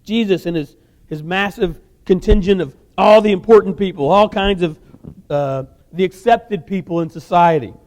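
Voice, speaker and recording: A man preaching a sermon, telling the story in an animated way with casual asides. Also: high-pitched, moderate pace, long reverb tail. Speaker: guest preacher.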